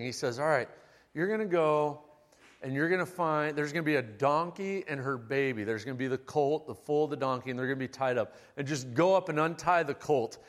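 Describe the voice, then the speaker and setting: Animated preacher man in a reverberant hall. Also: mid-range voice. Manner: casual storytelling, animated and humorous. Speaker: pastor. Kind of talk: sermon.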